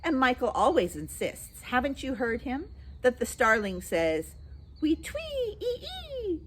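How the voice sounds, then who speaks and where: A woman voicing a baby girl twin in a storybook reading, with a soft voice full of laughter. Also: sits high, wildly swooping pitch, measured pace, pitched above the performer's own voice, heavily acted. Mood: amused.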